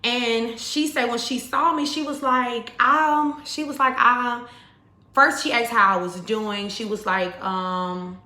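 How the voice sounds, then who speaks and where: A woman's voice: a little high, fairly even intonation, slow pace, bright, forceful tone. A woman and mother telling a personal story to her viewers in a casual, rambling way, talking straight to them. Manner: chatty, rambling, full of "like" and "you know", addresses viewers as y'all. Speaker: spiritual YouTuber and mother. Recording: echoey room.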